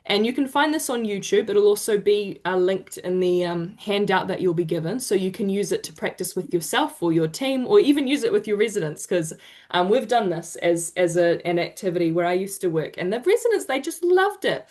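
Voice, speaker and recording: A woman's voice: mid-range voice, animated, a little mellow. Encouraging New woman teaching pronunciation. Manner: encouraging, drawn-out demonstration sounds. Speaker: te reo Māori workshop presenter. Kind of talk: online teaching session. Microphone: video call.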